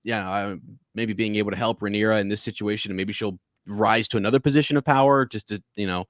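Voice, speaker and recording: A man's voice: on the low side, fairly even intonation, fast talker, no echo, studio quality. A man co-hosting a podcast, chatting casually about a TV episode, rambling with many restarts. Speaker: podcast co-host. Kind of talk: casual TV review chat.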